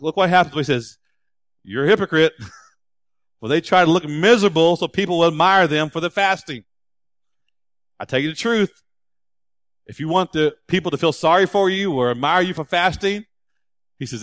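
A man preaching a sermon as a pastor, animated and climbing into loud, emphatic stretches. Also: a little high, no echo.

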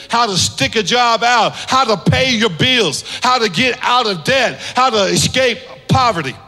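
A male pastor preaching in a high, ringing voice with a bright, forceful edge. He drives his points home through repeated, building phrases. Long reverb from a large church hall stretches out behind every line. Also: expressive, normal speed, hardly any pauses. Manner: emphatic, repetitive preaching with rising exhortations. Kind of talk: sermon.

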